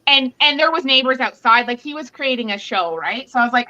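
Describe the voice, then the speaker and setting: A woman speaks with a bright, forceful voice, telling her story bluntly and swearing freely. The recording sounds dull and lo-fi. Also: high-pitched, lively intonation, fairly quick, hardly any pauses. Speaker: guest. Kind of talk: personal storytelling on a podcast.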